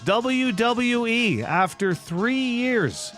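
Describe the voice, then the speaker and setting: A man co-hosting a radio show, joking and chiming in with quick remarks. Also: very high-pitched, expressive, a bit bright, soft background music. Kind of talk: casual chat.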